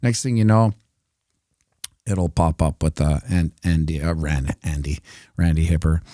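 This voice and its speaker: A man's voice: sits low, warm tone, no room sound, clean studio sound. A Canadian man giving casual, rambling commentary on crypto price charts during a livestream, with jokey asides.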